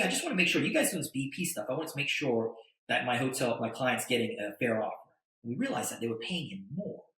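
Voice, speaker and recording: A middle-aged man tells a story as a podcast guest and acts out the voices of the people in it. His voice is bright and forceful. The room echoes around him. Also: mid-range voice. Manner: animated storyteller, acts out quotes. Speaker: guest, attorney and entrepreneur.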